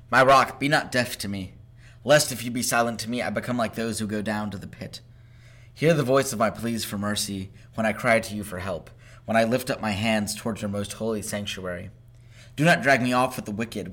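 Male scripture reader, lowish voice, measured and solemn, builds on praise lines. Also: fairly bright tone.

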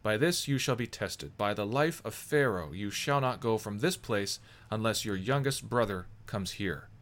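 A man's voice: on the low side, expressive, moderate pace, fairly bright tone. Stern adult governor, solemn and accusing, read by a man.

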